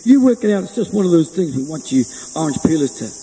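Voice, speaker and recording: A man's voice: on the high side, sing-song, fast, dark tone, in a large hall, a little hiss or hum, rough recording. A man from New Zealand with a New Zealand accent, chatting to camera in an upbeat, rambling, jokey way from an outdoor hilltop lookout. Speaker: singer-songwriter vlogger. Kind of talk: casual chat to camera.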